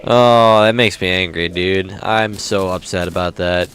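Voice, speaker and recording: Low-voiced man swearing through a game. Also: steady tone, unhurried, fairly bright tone, clear, resonant tone. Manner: swears a lot, grumbles at the game. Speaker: gaming YouTuber. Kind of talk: casual let's-play commentary.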